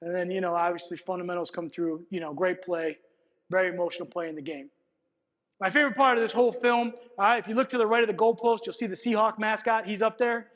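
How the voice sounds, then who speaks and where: Male clinic speaker, high-pitched, animated storyteller, recorded with long hall reverb. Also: fast talker. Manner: animated storytelling, frequent "all right" checks. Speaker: football coach presenting at a clinic. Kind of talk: coaching clinic talk, film breakdown. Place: lecture hall at a coaching clinic.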